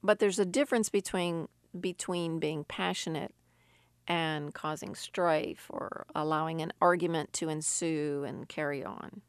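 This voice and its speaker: A Sicilian-raised Christian woman gives an earnest devotional teaching, reading scripture aloud in a low, steady voice. Her pace is measured and her delivery smooth, with no echo in the recording.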